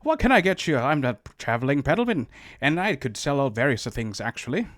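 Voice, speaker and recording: A man's voice: medium pitch, sing-song, fairly quick, fairly bright tone, no room sound, studio quality. A man voicing a chatty male traveling peddler in a green top hat, with a hammy stage accent. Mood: cheerful.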